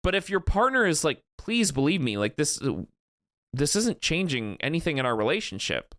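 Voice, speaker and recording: A man musing on a casual podcast, often pausing to search for the right words. His voice is fairly high and bright, and his pitch moves around a lot. He laughs easily. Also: very animated, no echo, studio quality. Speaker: podcast co-host. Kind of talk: casual chat.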